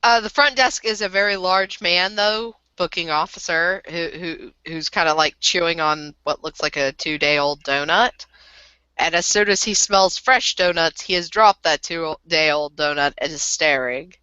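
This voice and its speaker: A woman's voice: lowish voice, measured pace, pushed and bright, clear, resonant tone, no room sound, dull audio. A woman casually narrating scenes as a tabletop game master.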